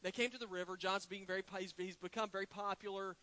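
Male pastor, high bright voice, lilt, dramatic preaching with sudden hushed drops. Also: steady tone, low-quality recording. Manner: preaching with dramatic drops to a hush and slow emphatic words. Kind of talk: sermon.

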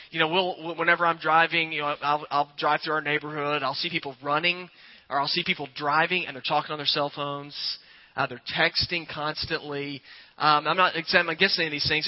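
A man preaching a sermon to a congregation, talking in a conversational way and putting questions to the people in the pews. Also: on the high side. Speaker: pastor. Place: church before a congregation. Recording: dull lo-fi recording.

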